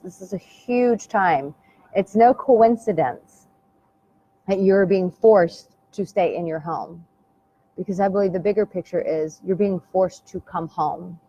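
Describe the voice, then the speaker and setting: A woman's voice: on the low side, a little mellow. An American woman coach speaking earnestly and intimately to the camera, repeating her phrases and calling the listener "my darling". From United States. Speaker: dating and relationship coach. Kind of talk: heartfelt motivational talk to camera. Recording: dull lo-fi sound with faint background hiss.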